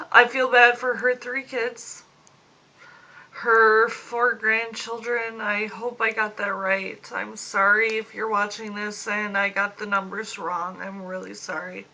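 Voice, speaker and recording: Grieving woman in her late 20s, phone video diary, slow halting talk, bright clear voice, trying not to cry. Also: medium pitch, little pitch movement, poor audio. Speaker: vlogger. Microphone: phone camera.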